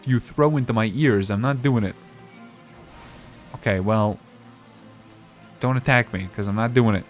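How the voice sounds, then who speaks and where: A man giving casual, relaxed gameplay commentary as a streamer, chatting and thinking aloud. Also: fairly low pitch, unhurried, long pauses, soft background music.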